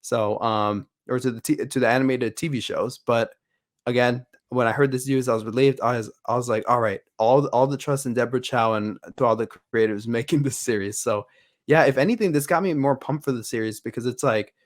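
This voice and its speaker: A man's voice: mid-range voice, a little fast. A man co-hosting a fan podcast in casual chat, rambling with frequent restarts and fillers. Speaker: podcast co-host.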